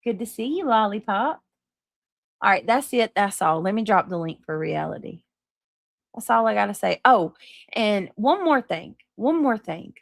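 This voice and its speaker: A woman's voice: medium pitch, big pitch swings, normal speed, gravelly, no echo. A woman with a Southern accent hosting a live stream, chatting casually with viewers and swearing freely. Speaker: livestream host. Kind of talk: casual live chat reading comments.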